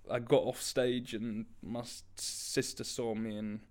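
A man's voice: medium pitch, flat delivery, measured pace, darkish tone. A man, a band member chatting casually about gigs, laughing often and swearing as he tells stories. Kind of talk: casual chat.

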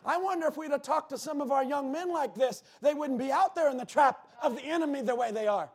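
A pastor preaching a sermon in church, building to shouted emphasis and dropping into quick asides to the congregation. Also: male voice, extremely high pitch.

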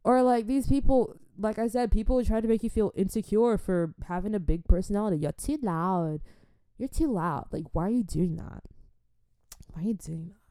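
A woman vlogger in casual chat with her viewers, animated and chatty, dropping churchy exclamations. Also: medium pitch, a little fast, dry recording, clean studio sound.

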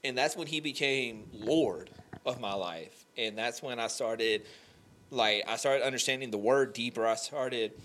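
A young man telling an emotional faith story on a podcast, animated and full of "like" fillers. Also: mid-range voice, measured pace, a little hiss or hum. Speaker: podcast guest. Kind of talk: candid faith conversation.

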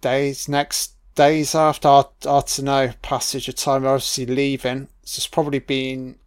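A man's voice: mid-range voice, monotone, measured pace, clear, resonant tone. A man giving a casual film commentary, musing aloud with plenty of swearing and fillers.

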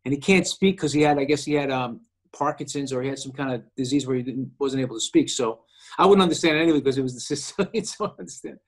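An actor guest tells a personal story in casual conversation, animated and doing the voices of the people he quotes. He talks fast in a mid-range voice.

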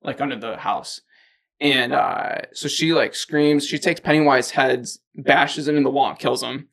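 A man on a podcast talks through a movie plot in a loose, rambling way. He leans hard on fillers as he goes, and his voice has a gravelly edge. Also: medium pitch, a little slow, fairly bright tone. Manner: rambling storyteller, many fillers like "like" and "or whatever". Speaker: podcast co-host. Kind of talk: casual chat, retelling a movie plot.

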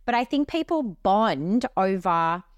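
A young Australian woman tells everyday stories on a podcast, swearing casually as she goes. Her pitch swings up and down a lot, and the recording is close and dry. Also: unhurried, smooth, no room sound. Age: young adult. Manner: lively storyteller, swears casually. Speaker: podcast co-host.

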